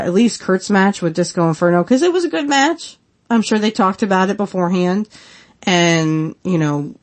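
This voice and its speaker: Giggly rambling woman in her thirties. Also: mid-range voice. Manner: giggly, rambling, many fillers. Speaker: podcast host. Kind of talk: casual solo commentary.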